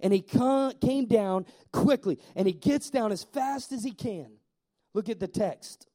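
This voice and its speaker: A man preaching a sermon in a lively way, asking the congregation questions and slowing down to stress key words. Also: high voice. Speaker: pastor.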